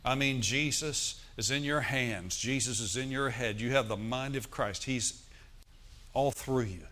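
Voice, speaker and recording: A man's voice: medium pitch, a little slow, pushed and bright. Man preaching to his congregation. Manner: preaching with call-and-response questions to the congregation. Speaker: pastor. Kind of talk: sermon. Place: church.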